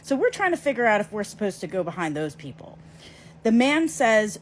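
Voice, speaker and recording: A woman's voice: medium pitch, brisk. Woman telling a story to camera. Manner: lively, emphatic storytelling with asides. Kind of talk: casual story vlog.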